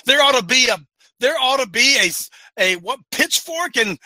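A man with an extremely high, piercing, tense voice preaches to his audience with fire and often breaks into shouts. The sound is dry and close. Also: animated, moderate pace, no echo. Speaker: host and preacher of an online show. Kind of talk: impassioned preaching to a live audience.

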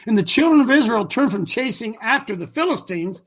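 A man preaching a sermon, retelling a story with animated shouts and slangy asides. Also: very high-pitched, a little fast, few pauses, breathy edge.

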